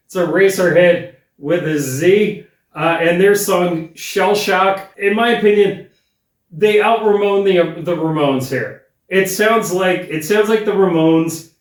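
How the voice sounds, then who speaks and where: Wry middle-aged man reviewing records, roomy. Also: on the high side. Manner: wry and blunt, with frequent restarts. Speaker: record reviewer, channel host. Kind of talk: casual spoken album review.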